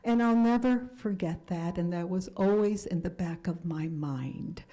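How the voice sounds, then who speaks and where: A woman in her seventies giving a talk about her life, speaking earnestly and sometimes dropping to a hush for emphasis. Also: fairly low pitch, measured pace, poor audio. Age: 70s. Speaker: guest speaker. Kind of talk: personal storytelling lecture.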